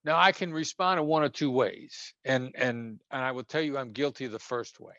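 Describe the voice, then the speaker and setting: A man being interviewed as a former hostage negotiator, talking conversationally and acting out tones of voice that move between gentle and sharp. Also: mid-range voice, moderate pace, no echo, lo-fi sound.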